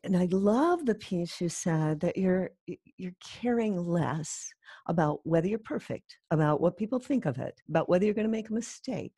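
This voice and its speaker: An older woman hosting a conversation in a low, husky, warm voice that moves freely up and down. She is encouraging and sums up what her guest has said. The sound is dry and close. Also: lively intonation, moderate pace, no room sound. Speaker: host. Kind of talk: casual interview conversation.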